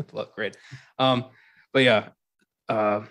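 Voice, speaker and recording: A man's voice: lowish voice, steady tone, gravelly, a bit bright. A man co-hosting a casual movie talk show, who laughs often and acts out lines from scenes. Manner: laughing often, acts out quotes in quick bits. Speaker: podcast co-host.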